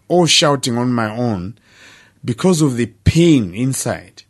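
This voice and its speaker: An older man tells his life story at a middling pitch. He speaks earnestly and plainly, pausing for weight between phrases. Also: animated. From Zimbabwe. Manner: earnest, plain-spoken storytelling with dramatic pauses. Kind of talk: personal testimony.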